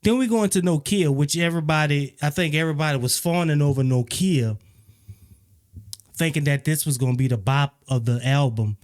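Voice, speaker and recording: Man, music reviewer, slightly high voice, casual and opinionated, repeats points for emphasis. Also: fairly quick. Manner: opinionated, repeats phrases, animated when critical. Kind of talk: casual spoken album review.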